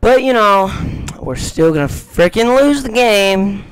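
An excitable gaming YouTuber narrates his let's play with playful trash talk. His voice sits in an ordinary middle range and sounds dry and close, with no room around it. He swings between loud outbursts and hushed mutters. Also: medium pitch, unhurried, clean tone, no room sound.

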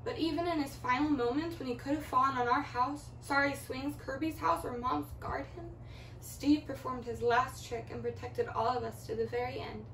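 A woman teacher gently reading a letter aloud to children, then speaking to them, heard from far off in an echoey room. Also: sits high, fairly even intonation, normal speed, slight background noise.

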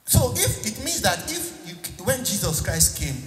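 Brief: male pastor, lively high-ish voice, call-and-response sermon, roomy church hall, faint music. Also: moderate pace. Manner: call-and-response with the congregation, repeating "Eh?".

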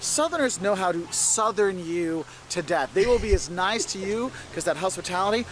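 An upbeat man from the northern United States narrates a travel video, pressing his points by repeating them. His voice sits high. Faint street noise hums behind him outdoors. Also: lively intonation, normal speed. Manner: upbeat, emphatic, repeats phrases.

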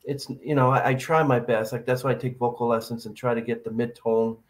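A man's voice: mid-range voice, level tone, a little fast. A man hosting a casual podcast interview, chatting and reading out viewer comments. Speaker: podcast host.

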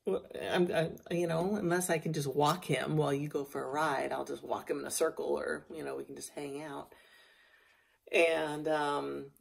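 A woman vlogger telling a rambling, animated story in a casual chatty way. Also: low voice, moderate pace, vocal fry, breathy edge.

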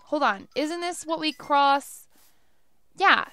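A woman's voice: high-pitched, lively intonation, slow, bright, forceful tone, no echo. A young woman giving casual let's play commentary, chatty and laughing often as she talks to herself while playing.

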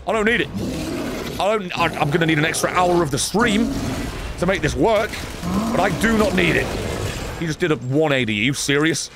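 A man streaming a game, exasperated and swearing as he comments. His voice sits a touch high and swings a lot. Loud game noise plays behind him. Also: animated, fairly quick, pauses often. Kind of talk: gaming commentary.

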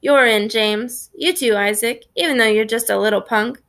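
A woman's voice: a little high, moderate pace, a bit bright. A woman voicing a breezy, cocky teenage boy who leads a street crew, in a storybook reading. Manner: breezy, grinning, offhand.

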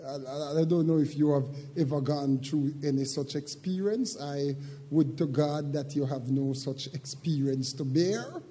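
An older man preaching a sermon as pastor, moving from quiet, halting reflection to loud, shouted preaching. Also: on the high side, husky, long reverb tail. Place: church sanctuary.

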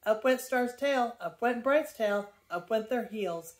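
An older woman, a grandmother, reading a children's book aloud in a lively, expressive way. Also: on the high side, measured pace.

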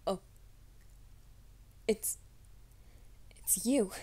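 A woman's voice: medium pitch, extremely slow, dark tone. A woman voicing an anxious young male werewolf who stammers and pleads, in a whispered role-play. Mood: panicked pleading.

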